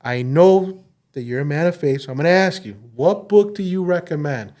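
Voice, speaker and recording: A man voicing a skeptical male atheist coworker in a lively retelling, pitched high and loud. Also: normal speed, natural voice. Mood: earnest.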